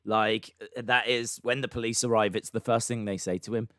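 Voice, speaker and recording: A man with a British accent hosting a live podcast stream, chatting in an animated, jokey, playful way. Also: fairly low pitch, a little fast, dry recording, clean studio sound. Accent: British English. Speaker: podcast host. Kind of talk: casual live-stream chat.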